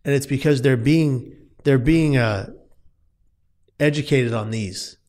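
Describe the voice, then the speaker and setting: A man's voice: medium pitch, slow pace, darkish tone. A man speaking as an interview guest, telling a personal story earnestly and with emphasis, often restarting his words.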